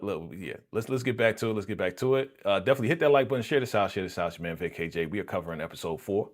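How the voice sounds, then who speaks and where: A man hosting a live-stream reaction show, recapping an episode and reading chat in a laid-back way full of fillers. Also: lowish voice.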